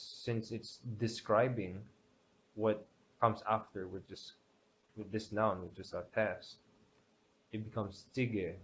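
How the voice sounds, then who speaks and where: A man with a lowish voice talks through a grammar lesson at an unhurried pace, often stopping to restart his sentences. The recording is dull and lo-fi, with a faint hiss behind him. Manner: hesitant, many fillers and restarts. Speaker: language teacher.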